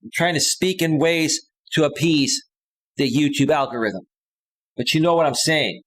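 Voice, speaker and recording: A man's voice: a little high, normal speed, fairly bright tone. Heated man in his thirties ranting live. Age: 30s. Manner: heated, combative, repeats phrases. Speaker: live stream host, life coach. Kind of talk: ranting live stream monologue. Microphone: close studio microphone with a limiter.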